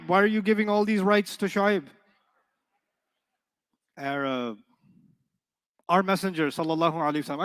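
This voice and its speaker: A man's voice: on the high side, a bit bright, long reverb tail. A man teaching an Arabic grammar class, playful and joking while he quizzes the students. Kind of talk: classroom lecture.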